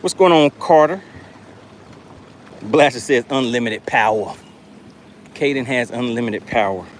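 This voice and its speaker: A man running a fishing live stream from a boat outdoors, reading viewer chat aloud with animated exclamations. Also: mid-range voice, a little slow, slight background noise.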